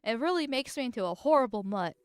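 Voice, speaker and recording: Speaking through a voice changer, a political vtuber streamer chats casually and reads chat, rambling and giggling with frequent restarts. The voice is mid-range, expressive and fast, with a clear, resonant tone.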